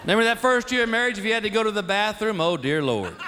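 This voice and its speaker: This male stand-up comedian has a high, sing-song voice and talks fast. Performing live in a large theater, he spins exasperated, folksy tales and plays both himself and his wife while the audience laughs loudly.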